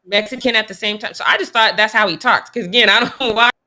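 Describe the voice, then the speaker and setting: Bright, emphatic woman co-host. Casual sports talk, opinionated. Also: mid-range voice, fast. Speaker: podcast co-host.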